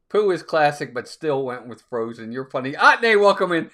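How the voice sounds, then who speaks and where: Upbeat, lively male live stream host. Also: high voice, moderate pace. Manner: upbeat, laughs often, greets viewers by name. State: out of breath. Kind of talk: casual live stream chat.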